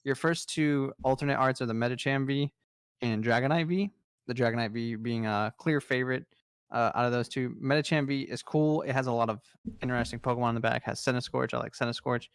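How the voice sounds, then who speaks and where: A man's voice: mid-range voice, fast talker, clear, resonant tone, no echo, clean studio sound. A young man co-hosting a casual podcast, enthusiastically running through a list of trading cards. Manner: enthusiastic, rattles off card lists. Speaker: podcast co-host presenting trading card news.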